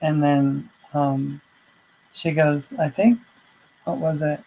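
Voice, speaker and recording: A woman's voice: sits low, steady tone, slow, vocal fry, breathy edge, phone-quality sound. A woman vlogger telling a personal story in a casual, rambling way, full of asides.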